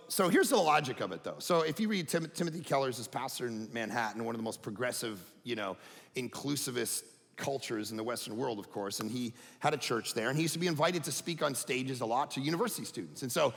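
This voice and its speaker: A man preaching a sermon as pastor, animated, swinging between loud emphatic bursts and low quiet asides. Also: vocal fry. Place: church sanctuary. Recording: church hall reverb.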